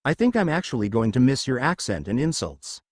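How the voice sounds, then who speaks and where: A boastful teen demigod boy who jokes his way through, read by a man with a lively pitch. The sound is dry and close. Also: brisk, no room sound.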